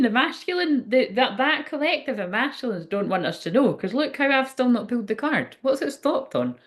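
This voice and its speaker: Hardly pausing, this psychic medium speaks fairly fast in a fairly high, very animated voice during a casual livestream from her home. She rambles emotionally, swears freely, laughs a lot and leaves sentences unfinished.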